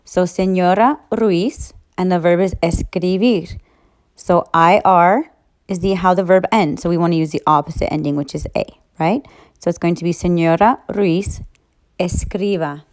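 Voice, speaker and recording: A woman's voice: fairly low pitch, normal speed, a little mellow. A woman teaching Spanish grammar in a recorded lesson, patiently walking through each rule one step at a time.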